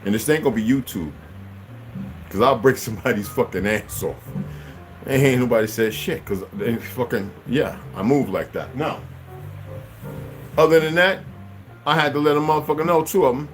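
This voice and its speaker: Host, male, AAVE, furious profane monologue, mid pitch, soft music underneath. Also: moderate pace, long pauses. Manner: angry, profane, swings loud and high. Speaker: channel host. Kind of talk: profane rant to camera.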